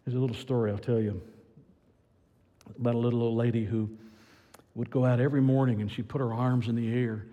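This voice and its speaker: A man preaching a sermon as pastor, swinging from loud excited build-ups to quiet earnest passages. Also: medium pitch, a little fast, pauses often, big-room sound, muffled recording.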